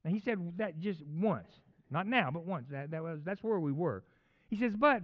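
A man preaching in a loose, conversational way, his fairly high voice jumping into loud, excited bursts and dropping back to near-murmurs. The recording is dull and lo-fi, with muffled highs. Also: moderate pace. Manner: animated, conversational preaching with sudden loud peaks and acted voices. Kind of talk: sermon.

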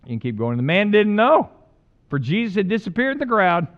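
A man's voice: sits high, very animated, a little fast, lo-fi sound. A male pastor giving a casual, joking sermon that builds to fervent emphasis. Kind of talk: conversational sermon.

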